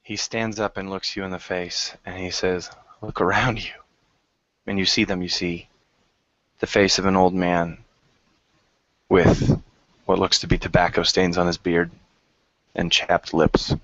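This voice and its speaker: A man narrating a tabletop game as game master, in a measured, descriptive way, on a lo-fi recording. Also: low voice, flat delivery, fairly bright tone, no room sound. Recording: dry lo-fi recording.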